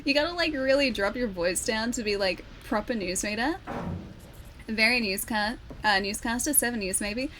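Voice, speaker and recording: A woman chats casually while streaming a game, her voice sitting a little high. She laughs often and greets her viewers by name. A faint hiss runs under the recording. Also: normal speed, pushed and bright.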